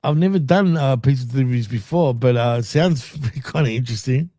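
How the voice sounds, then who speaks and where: A man's voice: medium pitch, brisk, warm tone, dry recording, clean studio sound. A man co-hosting a casual wrestling podcast, recapping episodes in a laid-back way, laughing often and swearing freely. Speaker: podcast co-host.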